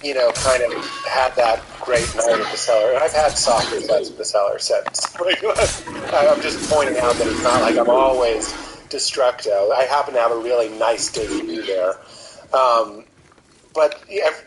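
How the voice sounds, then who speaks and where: Man, 30s, podcast host; earnest, encouraging, mid-pitched, clear noise under the track. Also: moderate pace. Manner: earnest, motivational, thinking aloud. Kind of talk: casual reflective chat.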